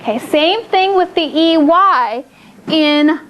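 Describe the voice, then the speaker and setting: A woman teaching a phonics lesson to a small group of children, upbeat and encouraging, stretching out words slowly to model them. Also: high-pitched, lively intonation, fairly bright tone, a little hiss or hum.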